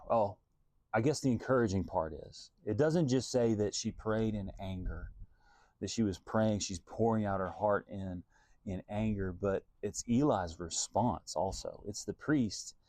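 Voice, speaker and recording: Earnest man with a low, warm voice. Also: measured pace, no echo. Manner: earnest and searching, thinking aloud. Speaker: Christian singer-songwriter. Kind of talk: reflective devotional talk.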